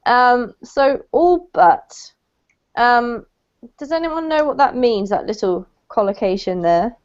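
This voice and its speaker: A woman's voice: on the high side, takes it slowly. Patient woman teaching English online. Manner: encouraging, patient, corrects pronunciation. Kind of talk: online language lesson feedback. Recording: dull lo-fi call audio.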